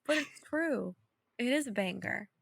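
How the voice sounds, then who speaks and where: A woman's voice: a little high, animated, normal speed, creaky, slightly rough. A young woman co-hosting a podcast, chatting playfully and emphatically, laughing often. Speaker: podcast co-host. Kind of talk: casual chat.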